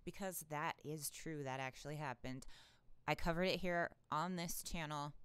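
A woman's voice: low-pitched, moderate pace, fairly bright tone, clean tone, no echo. A woman hosting her own political commentary channel, ranting in an irritated, sarcastic way with plenty of profanity and exasperated laughs.

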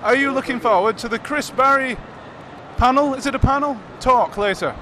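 High-voiced podcast host. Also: male voice, bright, forceful tone, a little hiss or hum. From Lancashire. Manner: brisk, bantering, announcer-like introductions. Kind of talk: live podcast hosting, bantering. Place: convention hall at a live expo.

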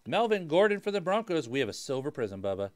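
A young man hosting a casual live-stream card break, hyping each card with loud call-outs of player names. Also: a little high, very animated, fast talker.

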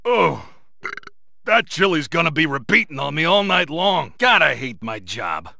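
An actor voicing a brash dock worker in a video game, who grumbles in a rough working-class way. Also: male voice, fairly high pitch, big pitch swings, unhurried, bright, forceful tone, no room sound, studio quality, full character voice. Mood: grumbling. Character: brash male dock worker, would-be communist intellectual.

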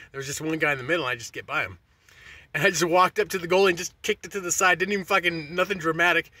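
A man's voice: fairly high pitch, pushed and bright, no echo. A middle-aged man telling a rambling, profane story in a casual monologue, restarting his sentences often. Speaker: vlogger.

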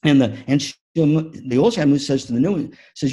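A man giving a motivational keynote talk on music teaching, an animated storyteller who acts out the story. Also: on the high side, normal speed, hardly any pauses, breathy edge. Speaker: music education speaker.

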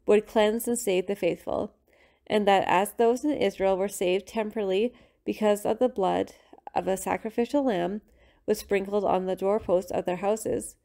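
Female reader for a scripture study lesson, steady and measured, with a gravelly, warm tone. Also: medium pitch. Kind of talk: scripted reading.

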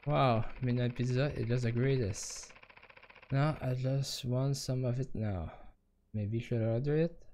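A man's voice: mid-range voice, fairly even intonation, unhurried, mellow, a little hiss or hum. A man with a Quebec French accent, streaming a horror game and reading its text aloud with musing asides. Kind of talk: live game commentary.

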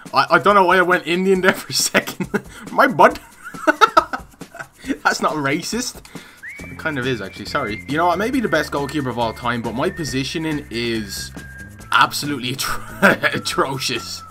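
A young man giving casual, excitable gameplay commentary, swearing and laughing often. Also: a little high, moderate pace, faint music behind. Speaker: gaming YouTuber.

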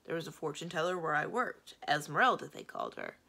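Storybook ogre manservant, male, anxious and deferential, gravelly and low, read by a woman. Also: huge pitch swings, fast, bright, forceful tone, heavily acted. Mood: earnest. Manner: plodding, humble and deferential. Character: anxious loyal male ogre servant, former sword swallower.

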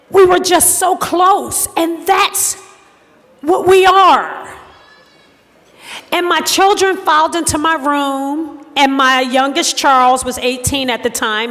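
A middle-aged woman giving a personal testimony speech at a banquet, telling her story slowly and deliberately with dramatic pauses into a podium microphone. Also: high-pitched, fairly bright tone. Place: large hotel banquet hall. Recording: long hall reverb.

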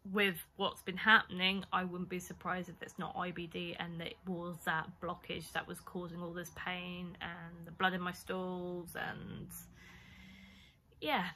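A woman's voice: on the low side, little pitch movement, unhurried, bright, forceful tone, a little hiss or hum. A young woman, casually telling a story-time vlog, chatty and rambling with lots of fillers. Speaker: vlogger.

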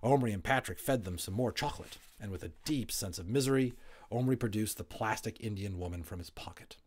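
Relaxed low-voiced man reading aloud. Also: brisk, slight background noise. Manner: relaxed, chatty asides, small slips. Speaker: audiobook reader, voice actor. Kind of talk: reading a novel aloud with casual asides.

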